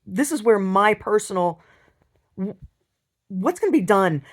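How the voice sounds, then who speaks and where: A woman telling a personal story in a video diary, upset, rambling and halting with many restarts and repeated words. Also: medium pitch, animated. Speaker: video diarist.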